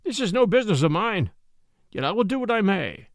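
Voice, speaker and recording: A sly, self-serving sheriff, voiced by a man telling the tale, who ducks the matter with smooth words. The voice is high and animated, with gravel in it, recorded dry and close. The whole reading has an old-time storybook feel. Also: fairly quick, no echo, exaggerated voice.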